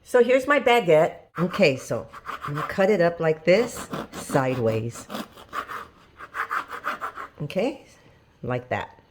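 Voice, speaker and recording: A woman's voice: on the low side, sing-song, slow pace, long pauses, background noise. A woman hosting a home cooking show, talking through a recipe step by step in a chatty, homey way and often laughing at herself. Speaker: home cooking channel host. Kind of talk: casual cooking demonstration. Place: home kitchen.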